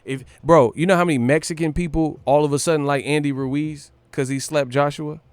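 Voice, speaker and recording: A man's voice: on the high side, fairly even intonation, brisk, clean tone, dry recording. Brash profane man ranting on a stream. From California. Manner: brash and profane, riffing and breaking into laughter and sung lines. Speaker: boxing stream host. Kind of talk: casual livestream rant.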